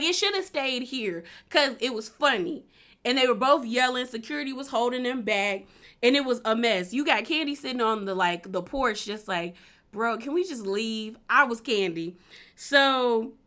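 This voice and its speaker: A woman's voice: a little high, expressive, moderate pace, a bit bright. A young woman casually recapping a reality show, chatty and laughing often, with plenty of filler words. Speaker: recap vlogger.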